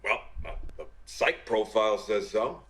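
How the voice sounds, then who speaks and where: A man's voice: fairly low pitch, fairly bright tone. An actor playing an awkward, hesitant young man recording answers for a dating profile in a video game. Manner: hesitant, halting.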